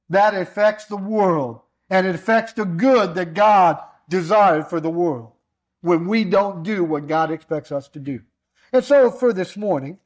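A man with a notably high voice preaching from the pulpit. He builds his points through emphatic repetition, stacking one parallel line on another in a steady sermon cadence.

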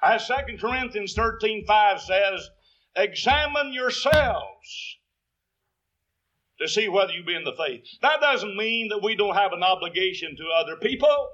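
A man's voice: high voice, bright, forceful tone, lo-fi sound. A man preaching a sermon, quoting scripture in King James wording and building to emphatic peaks.

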